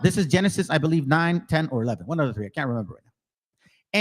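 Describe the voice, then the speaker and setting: This channel host is a fast talker with a slightly high, very animated voice. His religious commentary is combative, he mocks and challenges viewers head-on, and he reads passages aloud between his remarks.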